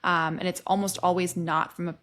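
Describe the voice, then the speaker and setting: Brief: woman host, a bit low-voiced, loose conversational delivery with frequent fillers. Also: flat delivery, brisk, fairly bright tone. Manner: rambling, full of "um" and "you know". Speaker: podcast host. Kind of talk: casual interview chat.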